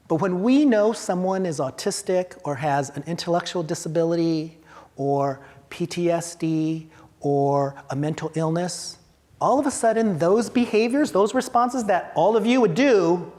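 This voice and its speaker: A man leading a training for theater staff, talking emphatically with rhetorical questions and acted-out reactions. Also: high voice. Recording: long hall reverb.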